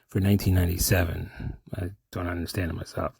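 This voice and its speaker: A man rambles and argues with himself in a comic back-and-forth, cutting off his own lines. His voice is low, gravelly and a little husky, with a dark tone. It is a dry, close recording. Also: fairly even intonation, a little fast, no room sound. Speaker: solo comedic performer. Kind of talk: self-dialogue character impressions.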